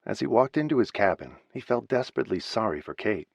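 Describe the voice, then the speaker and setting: A man narrating an audiobook in a measured, somber reading. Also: on the low side, big pitch swings, vocal fry, husky, no echo. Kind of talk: scripted narration. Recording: slightly muffled dry studio recording.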